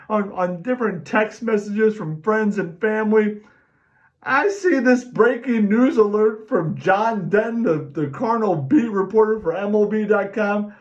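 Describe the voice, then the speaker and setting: High-voiced man on a fired-up fan rant. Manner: animated, refers to himself in the third person. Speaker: podcast host ranting as a sports fan. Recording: distant mic, dull lo-fi sound.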